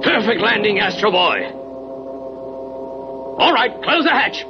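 In an old cartoon dub, a man voices a stern, formal scientist who captains a spaceship, sounding commanding and formal. His voice is high and animated at a measured pace, and the dull old dub includes music.

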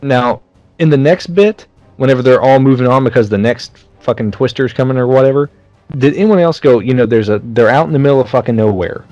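A man's voice: mid-range voice, brisk, a little mellow, dry recording, muffled recording, faint music behind. A man co-hosting a casual movie-review podcast, blunt, sarcastic and freely swearing. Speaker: podcast co-host.

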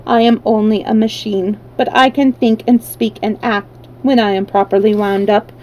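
A woman doing a harsh, slow clockwork man. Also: mid-range voice, a little hiss or hum, close to an everyday voice, low-quality recording. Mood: mechanical. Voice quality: harsh and metallic. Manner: slow, flat and mechanical.

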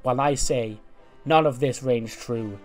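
Pompous herald proclaiming slowly and grandly, a man putting it on, mid-pitched, faint music underneath. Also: lightly acted. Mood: grandiose. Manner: slow, grand, drawn-out delivery. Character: pompous male herald making a royal proclamation.

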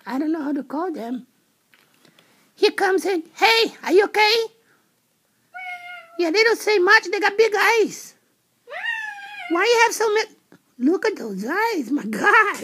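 A woman with a very high, bright voice that swoops up and down as she gives playful, rambling commentary. She plays a pretend reporter presenting a parade of animals and keeps breaking into excited shouts. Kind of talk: playful home-video commentary.

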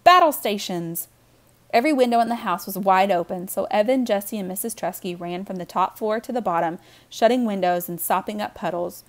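A woman reading a children's novel aloud with warm, expressive storytelling. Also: medium pitch, brisk. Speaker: audiobook reader.

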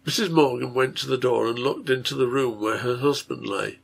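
A man reading his own translation of a Victorian novel aloud, in measured storytelling. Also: mid-range voice, creaky, husky. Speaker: reader, translator.

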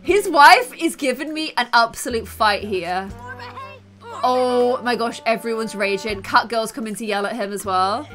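A woman's voice: fairly high pitch, measured pace, fairly bright tone, faint music behind. A woman giving playful, dramatic commentary over a video game and often breaking into laughter. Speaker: gaming video host.

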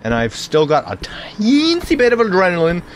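A man's voice: sits high, huge pitch swings, normal speed, a little hiss or hum. A man giving jokey let's-play commentary, talking back to the game and stuttering when startled. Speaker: gaming channel host.

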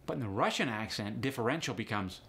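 A man's voice: medium pitch, animated, fast, vocal fry, fairly bright tone. A man teaching an accent lesson step by step, upbeat and explanatory, saying example words to show each sound. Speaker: accent coach.

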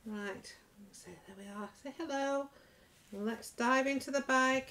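A woman leading a nursery rhyme session for little children, gentle and encouraging with a sing-song way of talking. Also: high voice, a little slow. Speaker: toddler group leader.

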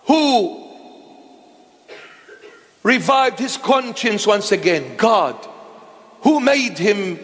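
A man delivers a sermon in a church, his fairly high voice carrying through a long reverb. He speaks slowly and emphatically, firing questions and answering them himself. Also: a bit bright. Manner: call-and-response questioning, emphatic. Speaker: preacher. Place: church hall.

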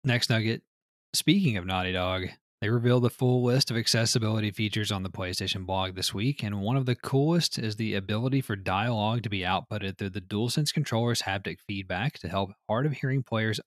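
A man's voice: on the low side, no room sound, studio quality. A man co-hosting a casual news podcast, reading items out and joking with plenty of swearing and laughter. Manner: profane, laughs often, reads news items then jokes.

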